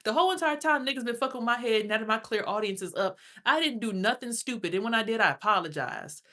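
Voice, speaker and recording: A woman's voice: fairly high pitch, lively intonation, fast, pushed and bright. A woman streamer in an angry, profane rant, speaking with a confrontational edge. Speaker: livestreamer.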